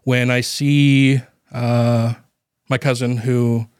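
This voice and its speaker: Grieving male podcast co-host, mid-pitched, halting fillers, nervous laughs, dry close mic. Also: level tone, a little mellow, smooth, dry recording. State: grieving, voice near tears. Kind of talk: casual storytelling chat.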